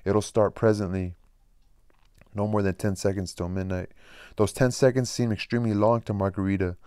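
Male reader of a classic novel, steady and even, deep and smooth, recorded dry. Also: fairly quick, dry recording. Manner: plain steady reading with occasional slips and rereads. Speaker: audiobook reader. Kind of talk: reading a novel aloud.

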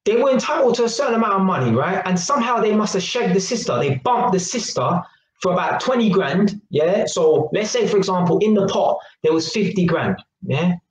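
A man giving a rambling, emphatic opinion monologue and tagging his points with quick questions. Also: high-pitched, animated, reverberant, poor audio. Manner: rambling and emphatic, tags lines with "yeah?" and "innit". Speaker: YouTuber.

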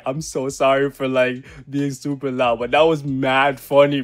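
A young man giving casual, slangy commentary over his own gameplay, joking and breaking into loud laughs. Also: medium pitch, little pitch movement, moderate pace, hardly any pauses. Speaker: gaming channel host.

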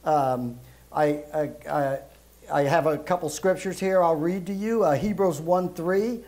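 A middle-aged man gives a casual church sermon, his voice on the high side for a man. He talks loudly and rambles, filling pauses with plenty of ums and uhs. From Brooklyn, New York, raised in Europe. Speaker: guest preacher.

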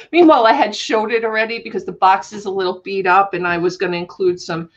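A woman's voice: medium pitch, a little fast, lo-fi sound. A woman hosting a live auction stream, laughing through her words. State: laughing to tears. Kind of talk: live selling stream chat.

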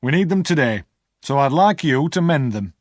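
A man reading a story aloud and voicing a brisk, sharp-spoken army sergeant. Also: fairly high pitch, lively intonation, no room sound, studio quality, pitched above the performer's own voice.

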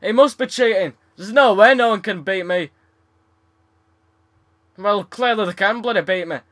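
Frustrated gamer, high bright voice. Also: male voice, normal speed. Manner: frustrated, swearing, sarcastic. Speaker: gaming YouTuber. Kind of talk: let's play commentary.

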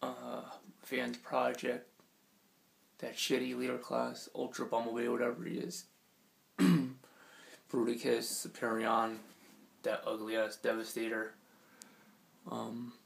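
A man with a scratchy, hoarse voice gives a laid-back, rambling tour of his collection at home, with many ums and casual swearing. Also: medium pitch, little pitch movement, unhurried, pauses often. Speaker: collector giving a room tour.

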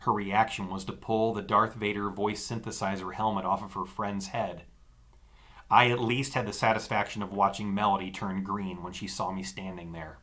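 A man narrating an audiobook in an expressive storytelling manner. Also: lowish voice, normal speed.

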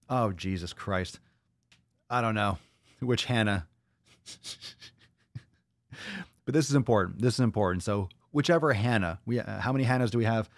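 A man's voice: lowish voice, no room sound, clean studio sound. Profane joking man hosting a podcast. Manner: profane, joking, rambling, reacting to comments. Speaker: podcast host. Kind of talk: live-stream podcast chat.

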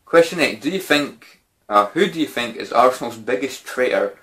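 A man's voice: mid-range voice, animated, moderate pace, a bit bright. A man answering viewer questions in a casual, rambling way, with lots of fillers and mild swearing. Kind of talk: casual Q&A chat.

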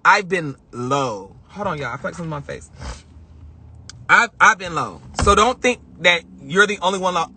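A woman's voice: on the low side, lively intonation, moderate pace, sharp tone, slightly rough. A young woman hosting a live stream, telling a personal story in an emotional, rambling way and often repeating herself. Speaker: livestream host.

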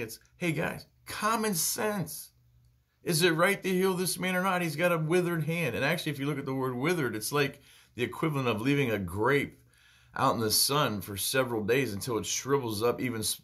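A man's voice: mid-range voice, fairly bright tone. A man leading a casual Bible study who talks earnestly and plainly and repeats words for emphasis.

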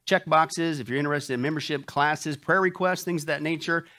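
A man's voice: fairly high pitch, steady tone, a little fast, sharp tone. A male pastor giving church announcements and an opening prayer, upbeat and joking, often saying "that's right". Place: church sanctuary before a live congregation.

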